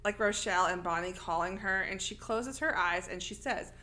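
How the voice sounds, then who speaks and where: A woman's voice: mid-range voice, normal speed, sharp tone. A woman host animatedly retelling a movie plot in casual chat, acting out the characters' lines as she goes.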